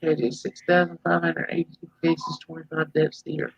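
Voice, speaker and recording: A man with a gravelly, somewhat high voice reads out figures to livestream viewers in a plain, matter-of-fact way. His audio sounds dry and dull, like a lo-fi microphone. There is no room echo at all. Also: flat delivery, fairly quick. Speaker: livestream co-host. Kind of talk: reading out figures in casual chat.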